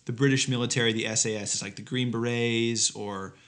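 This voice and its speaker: A man's voice: mid-range voice, fairly even intonation, brisk, a bit bright. A man co-hosting a comedy podcast, riffing sarcastically with mock outrage and swearing. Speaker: podcast co-host. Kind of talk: comedic casual chat.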